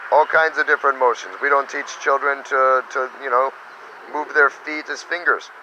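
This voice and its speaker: A man teaching meditation in a casual spiritual talk, animated and slipping into little quoted voices. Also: mid-range voice, normal speed, lo-fi sound, a little hiss or hum.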